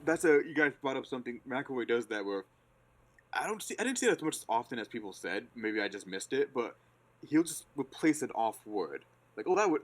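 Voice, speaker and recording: A man talking casually about a novel in a rambling, animated way. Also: fairly low pitch. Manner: rambling, animated, quick to laugh. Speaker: podcast co-host or guest. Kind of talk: casual book discussion.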